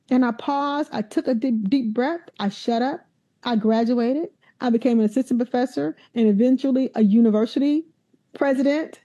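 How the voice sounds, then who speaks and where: A university president in conversation, a woman whose voice sits a little high yet sounds mellow and warm. She tells her stories with animation and slips into the voices of the people she quotes. The recording is somewhat dull and lo-fi. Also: normal speed. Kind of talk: conversational interview storytelling.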